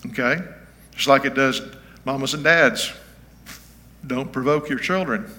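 An older man in his seventies preaches an informal teaching sermon in a folksy, chatty way. His voice is bright and ringing at a middle pitch, carried by a long hall reverb. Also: measured pace. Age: 70s. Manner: folksy, conversational, checks in with listeners. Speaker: pastor.

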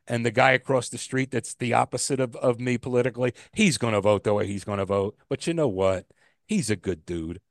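A man's voice: mid-range voice, no room sound, studio quality. Rambling man ranting on a podcast. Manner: rambling, animated, swears freely. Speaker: podcast co-host. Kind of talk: casual podcast rant.

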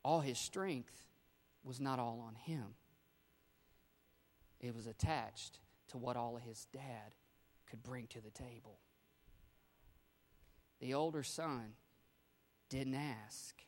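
A man preaching a sermon as pastor, rising to loud emphatic bursts and dropping to quiet, low endings. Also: slow, pauses often, in a large hall.

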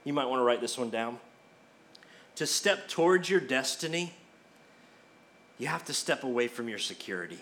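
A man's voice: medium pitch, animated, normal speed, long pauses, fairly bright tone. A middle-aged man preaching a sermon as pastor, emphatic and repeating his key phrases.

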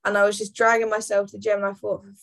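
A woman's voice: medium pitch, monotone, very fast, gravelly, a bit bright. Blunt, sweary woman. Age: 20s. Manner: blunt, grumpy humour, sweary. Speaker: guest. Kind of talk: casual chat.

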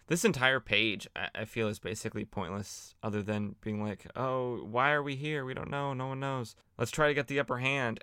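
Smooth-voiced man with a sardonic podcast recap. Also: mid-range voice, bright, forceful tone, no room sound, clean studio sound. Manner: chatty, sardonic, many fillers and restarts. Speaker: podcast host. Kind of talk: casual comic book recap.

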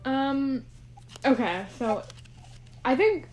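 A young woman with a high, very animated voice talks very slowly while co-hosting a casual podcast. She's chatty, rambles, and laughs often, recorded on a phone or computer rather than a proper microphone.

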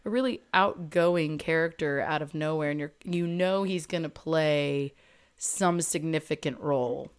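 A woman with a low voice, co-hosting a relaxed film chat podcast. She talks with enthusiasm and slips into quick acted-out lines from scenes. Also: smooth. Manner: enthusiastic, acts out character lines in quick bits. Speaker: podcast co-host. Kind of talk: casual film discussion podcast.

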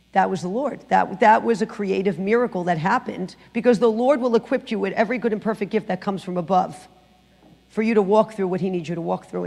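A middle-aged woman sharing her personal testimony in church, telling the story with lively acted-out quotes. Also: fairly high pitch, long reverb tail. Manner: animated storytelling, acting out quotes. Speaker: guest speaker giving testimony. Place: church sanctuary.

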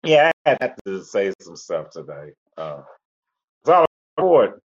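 A man's voice: low voice, big pitch swings, a little slow. A man hosting a talk radio show, rambling in a laid-back, repetitive way. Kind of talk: casual monologue. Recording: lo-fi internet radio audio.

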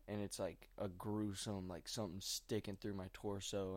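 A man's voice: lowish voice, level tone, normal speed, few pauses, dry recording. A young man rambling casually and anxiously into a desk microphone while sitting at home on his couch. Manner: rambling, slangy, anxious musing. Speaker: vlogger. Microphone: microphone at a mixing board.

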